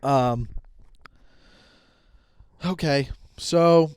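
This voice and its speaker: A man in his thirties hosting a podcast, telling a long story in a casual, profane and animated way and acting out his own quotes. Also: fairly high pitch, extremely slow, smooth, no room sound, studio quality. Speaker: podcast host.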